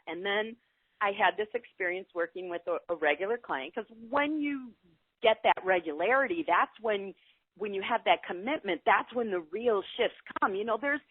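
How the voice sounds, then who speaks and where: A middle-aged woman telling her spiritual story in a casual interview, animated and earnest. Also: normal speed, no echo. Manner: animated, earnest storytelling with lively pitch swings. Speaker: spiritual guide guest. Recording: tinny phone-like call audio, dry.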